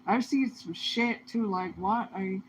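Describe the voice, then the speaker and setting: A woman ranting in a heated, profane monologue, swinging between low muttering and loud outbursts. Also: slow pace. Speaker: vlogger. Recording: dull lo-fi sound with faint noise.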